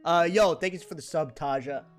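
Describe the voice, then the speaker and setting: A man streamer chatting casually and thanking viewers in a relaxed way. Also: on the high side, normal speed, soft background music.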